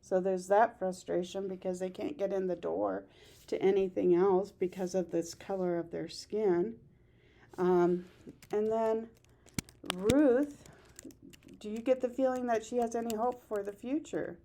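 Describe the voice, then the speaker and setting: A woman's voice: mid-range voice, fairly even intonation, a little slow, vocal fry, dark tone. A woman teaching a class about a play, asking her students questions and then answering them herself, sometimes raising her voice to act out quoted lines. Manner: acts out quoted lines in a raised voice.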